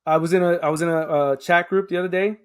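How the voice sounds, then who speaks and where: A man in his 30s from Queens, New York, a public affairs officer, speaks as a guest in a conversational interview, making emphatic points and checking in with "right?" as he goes. His voice is a little high, steady, quick, and clean.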